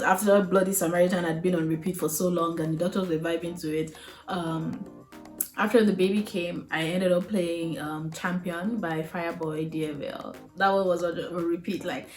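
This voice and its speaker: Talking casually to camera, a young woman vlogger tells a personal story candidly and chattily, full of fillers and frank asides. Her voice is lowish with a darkish tone. The room sounds echoey, with faint music in the background.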